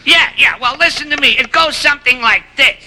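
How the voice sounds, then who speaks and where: A man's voice: extremely high pitch, a little fast, full character voice. A man voicing a cheerful, eager boy puppet on a children's TV show, singing a silly song with gusto. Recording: swing music loud behind.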